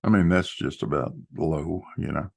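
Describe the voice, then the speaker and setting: A man's voice: extremely low pitch, moderate pace, gravelly. A man in a casual online group chat, blunt and heated, swearing freely.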